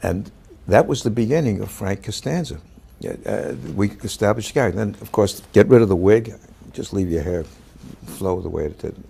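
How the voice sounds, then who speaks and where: An older man, an actor, telling a story about a past role in a halting way, full of fillers and restarts, now and then shouting out the lines he quotes. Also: fairly low pitch, creaky, breathy edge. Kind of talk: anecdotal storytelling.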